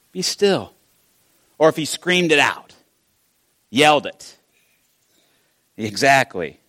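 Animated, casual male preacher with a brightish voice. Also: on the high side, no room sound. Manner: casual, animated storytelling with frequent restarts. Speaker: pastor. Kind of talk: conversational sermon.

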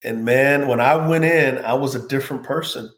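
A man's voice: medium pitch, moderate pace, a bit bright. A man, a former pro football player, earnestly recounting a personal story as an interview guest. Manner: earnest, heartfelt, reflective. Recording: roomy echo.

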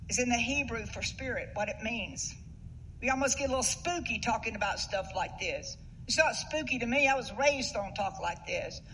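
Woman preacher, high and bright, earnest sermon delivery with emphatic peaks. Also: a little hiss or hum, poor audio. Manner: earnest, rising to emphatic bursts.

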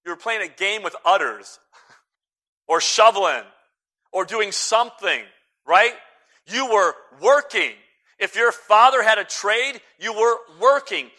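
A man preaching a sermon as pastor, jumping between loud emphatic lines and quiet hushed asides, with a few jokes. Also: high-pitched, expressive, a little slow.

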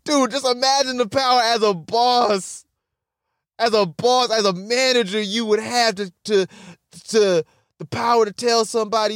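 A man's voice: very high-pitched, steady tone, moderate pace, fairly bright tone, no room sound, clean studio sound. A young man casually telling funny stories on a podcast, rambling, swearing and laughing at his own jokes, and often acting out other people's voices. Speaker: podcast host. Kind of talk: casual comedic monologue.

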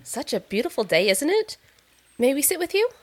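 A sweet, effusive artist. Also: female voice, high-pitched, sing-song, moderate pace. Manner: sweet, effusive and gently probing. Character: gracious warm female artist, doctor's wife. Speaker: audio drama character.

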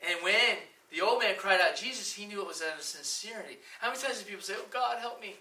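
A woman's voice: mid-range voice, expressive, fast talker, sharp tone, recorded from a distance. A woman preaching a sermon with emphasis, asking the room questions and acting out quoted voices. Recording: echoey room, voice from off the mic.

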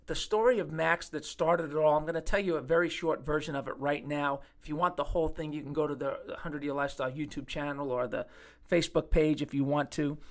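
A middle-aged man, a podcast host and chiropractor, telling a personal story in an earnest, animated way. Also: a little high. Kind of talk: storytelling talk.

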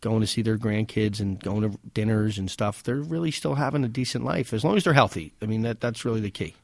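A man's voice: on the low side, fairly quick, vocal fry, no room sound, clean studio sound. A man in his thirties co-hosting a financial show, explaining things in a conversational way with rhetorical questions. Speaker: financial advisor and show co-host. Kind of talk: casual radio-show talk.

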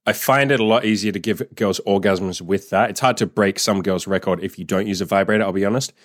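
A man's voice: fairly low pitch, fast talker, no echo, studio quality. Blunt, profane man giving casual advice. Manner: blunt, profane, laid-back. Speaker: dating and sex coach.

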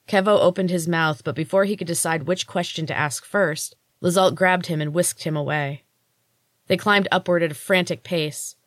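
A woman narrates her own fantasy story in a low, steady voice. The reading is measured and even, recorded dry and close to the mic. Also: no echo. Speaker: podcast host and author reading her fiction. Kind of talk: audiobook narration.

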